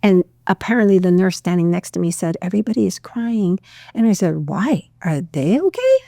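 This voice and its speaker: A woman's voice: on the low side, normal speed, creaky, no room sound, clean studio sound. Heartfelt middle-aged woman telling her story. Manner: heartfelt, expressive retelling with acted-out quotes. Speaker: guest, pharmacist. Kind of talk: personal storytelling in a podcast interview.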